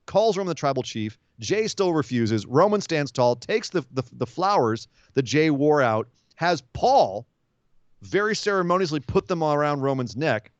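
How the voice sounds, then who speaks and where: A man hosting a wrestling podcast, giving an animated, casual recap and acting out quotes as he tells it. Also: on the high side, moderate pace, no room sound, lo-fi sound.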